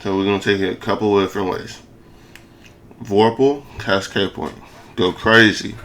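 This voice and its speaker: Casually commentating on a game, a young gaming video creator sounds hyped and slangy, slurring with a lisp and repeating phrases a lot. His voice sits on the low side, with slight background noise.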